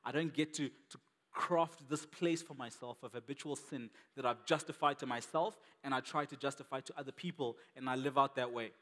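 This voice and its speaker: A man's voice: mid-range voice, a little fast, fairly bright tone, long reverb tail. A man preaching a sermon as a pastor, conversational and emphatic, repeating key words for weight.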